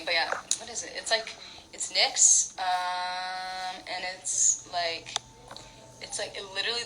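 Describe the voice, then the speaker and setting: A young Canadian woman, a singer on an Instagram live, chats casually on a phone livestream at home, rambling through childhood stories with lots of giggles and fillers. Her voice is on the low side with a sharp tone, and the rough recording has slight background noise.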